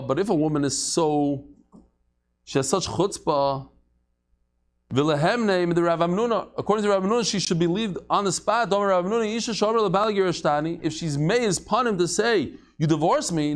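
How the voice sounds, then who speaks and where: A man's voice: high-pitched, normal speed. Joking man teaching a Talmud class. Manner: lively, joking, chants Aramaic quotes. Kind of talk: casual Talmud lecture.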